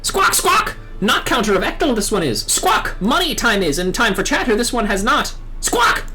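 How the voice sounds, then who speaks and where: A woman's voice: fairly high pitch, very animated, normal speed, bright, forceful tone, soft background music. A woman doing hostile squawking bird-men. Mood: grumbling. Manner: squawking, threatening, broken backwards word order. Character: gruff, hostile male bird-man tribesmen.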